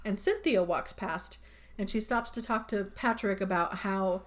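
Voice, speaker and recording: A young woman co-hosting a podcast, recapping a film's plot in a chatty, casual way full of "like" and quick asides. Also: medium pitch. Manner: chatty, peppered with "like". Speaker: podcast co-host.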